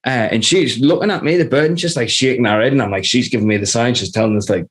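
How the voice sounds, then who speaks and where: A man's voice: mid-range voice, quick pace. A man telling a long, rambling story in casual chat, swearing constantly and laughing as he goes. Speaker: podcast guest.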